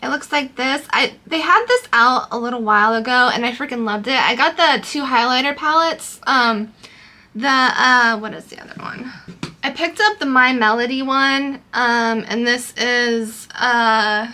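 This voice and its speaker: A woman's voice: fairly high pitch, a little slow, bright, forceful tone. A young woman chatting casually through a makeup tutorial, loose and full of fillers. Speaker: beauty vlogger.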